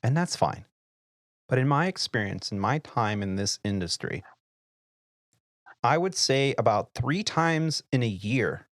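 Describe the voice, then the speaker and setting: Animated male pilot podcast host. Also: lowish voice, dry recording, studio quality. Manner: animated storyteller, acts out quoted voices and laughs. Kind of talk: casual storytelling chat.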